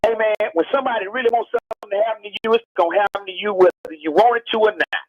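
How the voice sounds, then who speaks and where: A fast-talking man with a voice that sits high, this Texas rapper rings into a radio show and emphatically drives his points home more than once. There's no echo on the muffled telephone line carrying the heated interview.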